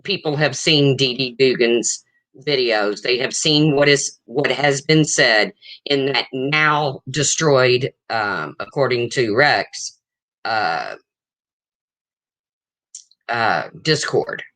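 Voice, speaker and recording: An older woman hosting a casual livestream chat, blunt and rambling, with a low voice that callers mistake for a man's. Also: slow pace, fairly bright tone, no room sound. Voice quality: low, husky-sounding voice, often mistaken for a man's. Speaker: livestream host.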